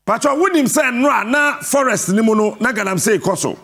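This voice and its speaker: Ghanaian male host, combative interviewer, high and lively with gravel. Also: brisk. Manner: forceful, repeats and cuts in, sing-song emphasis. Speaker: radio and TV host. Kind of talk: combative live interview on air.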